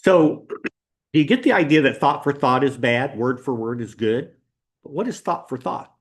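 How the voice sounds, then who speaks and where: A man's voice: mid-range voice, lively intonation, normal speed. A man teaching a Bible class at church, talking casually with ums and rhetorical questions as he walks through slides.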